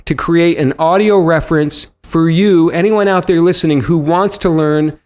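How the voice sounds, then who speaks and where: A man hosting a podcast, giving an energetic, upbeat intro to his episode. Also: on the high side, normal speed. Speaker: podcast host.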